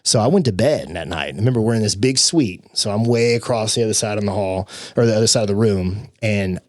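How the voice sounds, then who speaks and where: A man's voice: on the low side, fairly quick, no room sound, studio quality. A young adult man, a podcast guest, telling a personal story casually and acting out the voices of people in it. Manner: animated, acts out quoted voices.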